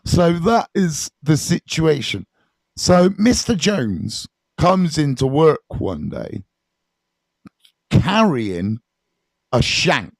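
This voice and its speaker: A man, a recovery mentor telling stories to viewers on a live stream, casual and animated, swearing freely and often checking in with his listeners. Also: on the high side, drawn-out words, no echo. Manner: animated, swears freely, keeps checking in with "right?" and "you know what I mean".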